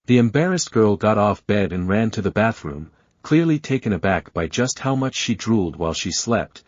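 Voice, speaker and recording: A man narrates a fan fiction story in a steady, even read. His voice sits low with a husky grain. The recording is dull and lo-fi, with a dry, close sound. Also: no room sound.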